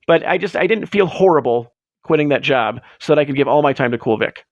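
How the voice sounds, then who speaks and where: A man hosting a live show in casual chat, rambling and excitable as he tells stories, swearing freely, on a close mic. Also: fairly high pitch, brisk, dry recording, lo-fi sound. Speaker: livestream host.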